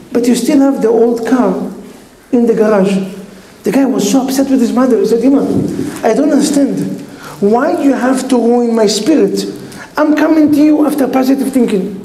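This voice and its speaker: Animated rabbi giving a parable sermon. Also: male voice, very high-pitched, moderate pace, reverberant, poor audio. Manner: animated storyteller acting out characters' lines.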